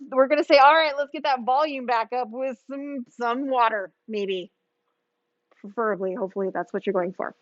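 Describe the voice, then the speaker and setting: A woman's voice: fairly high pitch, dry recording. Chatty woman lecturer with a muffled mic. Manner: casual, chatty explanations with many fillers and asides. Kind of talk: recorded lecture over slides.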